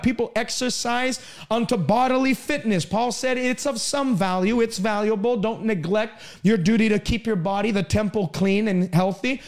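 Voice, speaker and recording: A man preaching a broadcast sermon, emphatic, swinging between raised pleading lines and low, quieter asides.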